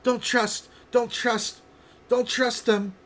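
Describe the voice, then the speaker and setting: A man voicing a frantic, paranoid stranger who shouts that everyone is a thief. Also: very high voice, flat delivery, slow pace, pitched above the performer's own voice, exaggerated voice. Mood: paranoid ranting.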